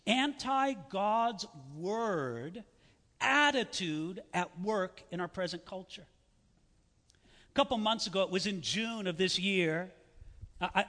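A man preaching a sermon in a lively, sarcastic way, with mocking asides to his listeners. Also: high voice, big-room sound. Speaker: pastor.

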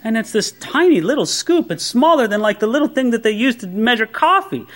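A man preaching a sermon as a pastor, conversational and animated, with many rhetorical questions. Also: very high-pitched, brisk.

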